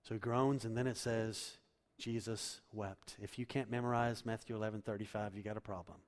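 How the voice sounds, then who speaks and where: A man preaching a sermon as pastor, swinging from loud, emphatic lines to hushed, quiet ones. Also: lowish voice, steady tone, quick pace. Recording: long hall reverb.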